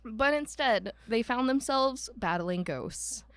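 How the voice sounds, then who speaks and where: A woman's voice: fairly high pitch, lively intonation, slow, fairly bright tone. A woman from Ohio co-hosting a podcast, telling a ghost story in casual chat with lots of ums. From Ohio, United States. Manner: chatty, many ums, laughs at herself. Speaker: podcast co-host.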